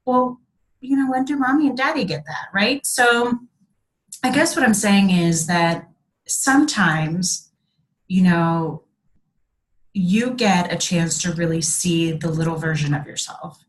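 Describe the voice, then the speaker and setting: A woman talking casually and reflectively about her own experience, with lots of fillers, slowing and softening at tender moments. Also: lowish voice, low-quality recording. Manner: chatty, many fillers, drops softer and slower at reflective moments. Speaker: speaker sharing a personal story.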